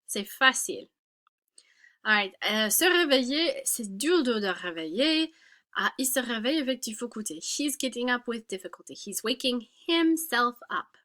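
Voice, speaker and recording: A woman teaching French grammar, explaining patiently and breaking into quick French examples and asides. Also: fairly high pitch, sharp tone. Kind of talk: grammar lesson.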